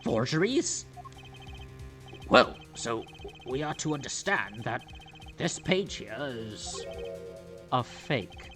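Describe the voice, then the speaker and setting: A man voicing a smug, scheming male prosecutor in a video game, speaking slowly and condescendingly. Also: mid-range voice, sing-song, a bit bright, soft background music. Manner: slow, drawn-out, condescending. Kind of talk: reading game dialogue aloud.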